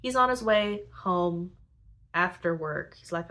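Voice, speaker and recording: A woman hosts a podcast, casually retelling story plots in a chatty style full of "like" and quick asides. Her voice is lowish, bright and forceful, and the audio quality is poor.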